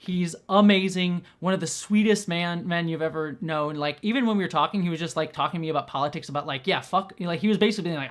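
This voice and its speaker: A woman's voice: low-pitched, quick pace, few pauses. A young adult woman host talking casually, rambling with many restarts and fillers. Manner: rambling, heavy use of "like", frequent restarts. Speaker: host and director. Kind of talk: casual commentary.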